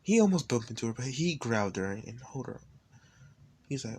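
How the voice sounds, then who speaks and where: A chatty man narrates a fan-made story in a loose, off-the-cuff way. He trails off, corrects himself and mutters asides, in a voice of middling pitch. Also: very animated, normal speed, a little mellow, slight background noise. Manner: rambling, self-interrupting, chatty. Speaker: storyteller vlogger.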